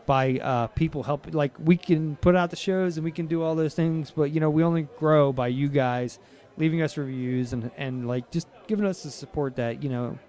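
A man's voice: a little high, moderate pace, darkish tone. A man co-hosting a podcast in casual chat, rambling and jokey with lots of fillers. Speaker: podcast co-host.

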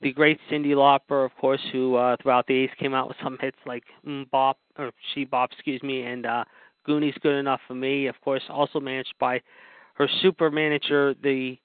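Clear and resonant, the man's mid-range voice has little pitch movement and a normal speed as he hosts a podcast. He tells wrestling history stories in a rambling, casual style full of fillers and repeated asides. The recording is dry and phone-like, narrow with no room sound.

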